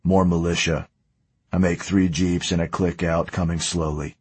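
A decisive operative barks out clipped, terse orders, as a male narrator voices him in a low, slightly husky tone. Nothing sounds wasted in his calm command, and the voice sits close and dry. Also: moderate pace, dry recording. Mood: curt.

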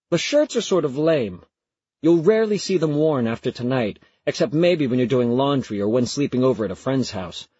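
A man narrates a first-person story in a conversational, storytelling manner, his husky voice rising and falling with lively intonation. The recording is close and dry, with a slightly dull, muffled tone. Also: mid-range voice, dry recording. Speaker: audiobook narrator.

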